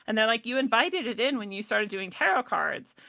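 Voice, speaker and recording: A woman guest telling a personal story in casual talk, animated, laughing often and acting out what others said. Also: on the high side, brisk, gravelly, dry recording. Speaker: podcast guest.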